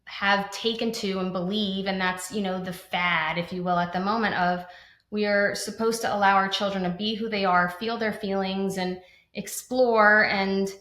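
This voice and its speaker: A woman's voice: medium pitch, fairly even intonation, moderate pace, a bit bright. Earnest woman co-hosting in a roomy space. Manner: earnest, restarts often, frequent "like". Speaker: podcast co-host. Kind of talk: conversational podcast discussion. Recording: roomy echo.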